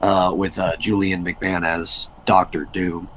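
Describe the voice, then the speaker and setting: A man co-hosting a livestream in an easygoing, thoughtful way, his voice low and unhurried. A faint hum of noise sits behind him. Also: level tone, fairly bright tone. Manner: easygoing, thoughtful, uses fillers. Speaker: livestream co-host. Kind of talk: casual livestream chat.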